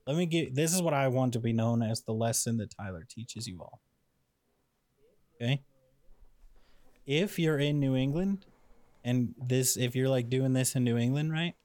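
A man's voice: mid-range voice, a little mellow, dry recording. A man with a mid-range voice heard up close in a dead, dry room. He co-hosts a comedy chat, piling up restarts as he drives his points home with emphasis. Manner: emphatic, rambling storyteller with restarts. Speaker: podcast co-host.

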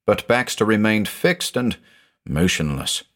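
A man narrating a scripted audio mystery drama in a dramatic, expressive storytelling manner. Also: fairly low pitch, unhurried.

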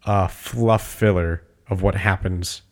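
A man co-hosting a casual chat, talking with excitement and cursing freely. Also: low voice, takes it slowly. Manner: animated, swearing, excited storytelling. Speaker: podcast co-host.

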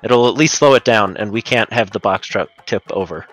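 A man's voice: fairly low pitch, brisk, a bit bright, faint music behind. A man playing a tabletop role-playing game, chatting casually with other players.

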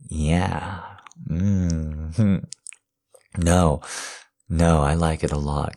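A man's voice: very deep voice, fairly even intonation, extremely slow, warm tone. A man speaking in an intimate erotic role-play audio, addressing his partner in a commanding, teasing way and repeating his phrases.

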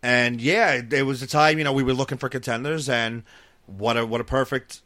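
A man's voice: medium pitch, steady tone, brisk, sharp tone, no room sound. A man chatting casually on a wrestling podcast, rambling with lots of fillers and restarts. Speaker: wrestling promotion governor.

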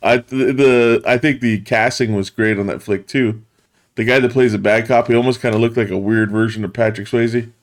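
A man's voice: medium pitch, steady tone, moderate pace. A man co-hosting a film podcast, chatting in a laid-back, slangy way. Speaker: podcast co-host. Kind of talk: casual film chat.

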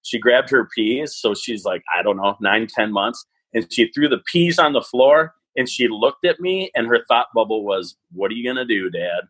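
A man's voice: medium pitch, moderate pace, hardly any pauses, slightly rough, no room sound, low-quality recording. A man who teaches a parenting class, telling stories in a casual chat and acting out the voices he quotes. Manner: animated, acts out quoted voices.

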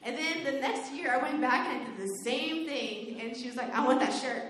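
A young woman giving a faith talk, telling personal stories in a lively way, laughing often and saying "like" a lot. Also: high voice, moderate pace. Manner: animated storytelling, laughs often, says "like" a lot. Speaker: youth speaker. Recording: very echoey room.

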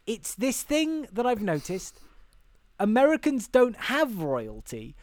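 A man's voice: extremely high pitch, wildly swooping pitch, slow pace, no room sound. A chatty man in a casual podcast chat, laughing often between his points and tripping over his own restarts. His voice sits dry and close, with no room sound around it. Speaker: podcast co-host.

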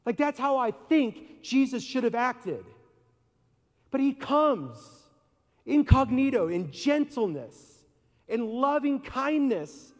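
A man's voice: very high-pitched, big pitch swings, slow. A man preaching a sermon in a conversational way, asking the listeners questions and acting out voices. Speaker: pastor. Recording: long reverb of a large hall.

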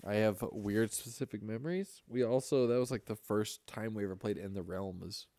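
A man's voice: lowish voice, a little fast, dark tone, no room sound. A young man co-hosting a podcast, telling rambling stories in casual chat with plenty of swearing. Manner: profane, rambling storytelling. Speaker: podcast co-host.

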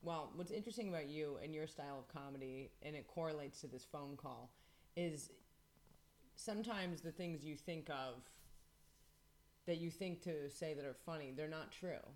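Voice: mid-range voice, moderate pace. Teasing, rambling comedian host. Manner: teasing, rambling, full of restarts. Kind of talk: casual chat.

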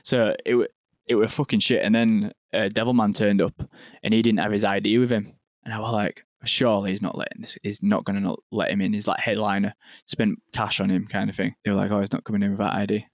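A man's voice: fairly low pitch, flat delivery, quick pace, dry recording, studio quality. A young man, telling a story in casual podcast chat, rambling and sweary with lots of "like". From England. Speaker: podcast guest, venue owner.

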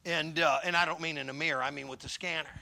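A man's voice: a little high, steady tone, fast, gravelly, noisy background. A middle-aged man preaching a sermon, joking through rambling asides and calling for the congregation to answer back. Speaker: pastor.

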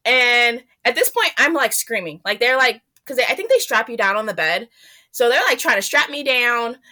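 A woman guest in an interview, telling a personal story in an animated way and acting out what she said back then. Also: fairly high pitch, normal speed. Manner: animated, reenacts her own past remarks in a raised voice.

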